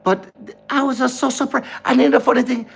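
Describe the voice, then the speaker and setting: A man's voice: very high-pitched, brisk, creaky, slightly rough, faint music behind. Ranting Jamaican man vlogger. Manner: frustrated, ranting, repetitive. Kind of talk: heated monologue to camera. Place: indoor room.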